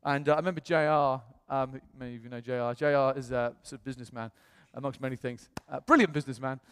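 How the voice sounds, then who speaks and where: A man from the United Kingdom preaching in a church, telling his story in a chatty, animated way with self-quotes. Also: mid-range voice, quick pace, smooth. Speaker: pastor. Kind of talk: storytelling sermon. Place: church hall. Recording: long church-hall reverb.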